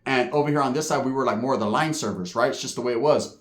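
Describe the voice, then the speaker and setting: A man's voice: medium pitch, rapid-fire. A man who is a former inmate, telling a story casually in profane street slang. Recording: echoey room.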